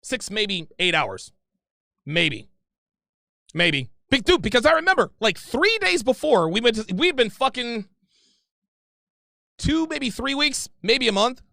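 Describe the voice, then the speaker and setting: A man in his thirties telling a story in casual podcast talk, profane, animated and rambling. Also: very high-pitched, measured pace, vocal fry, long pauses, dry recording, studio quality. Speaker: podcast guest.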